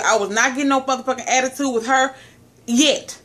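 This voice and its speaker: A woman's voice: a little high, fairly even intonation, fairly quick, a bit bright. Profane ranting woman in her late 20s. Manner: profane, exasperated storytelling; addresses viewers as family. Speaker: vlogger. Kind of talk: angry rant to camera.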